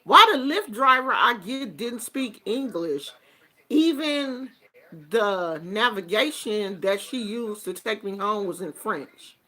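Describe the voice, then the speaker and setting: A woman hosting a show and telling a story in casual chat, animated and acting out what people said. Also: mid-range voice, takes it slowly. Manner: animated, acts out quotes. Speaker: host.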